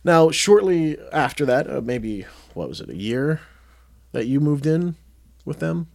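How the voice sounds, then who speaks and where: A man co-hosting a podcast, telling a story in casual chat and acting out the quotes loudly. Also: on the high side, unhurried, creaky. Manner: animated, acts out quotes loudly. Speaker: podcast co-host.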